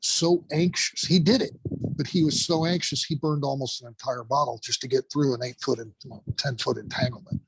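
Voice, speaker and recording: Husky, emphatic male storyteller. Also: medium pitch, steady tone, a little fast, poor audio. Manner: emphatic storyteller who swears freely. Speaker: guest, class instructor. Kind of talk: casual interview talk.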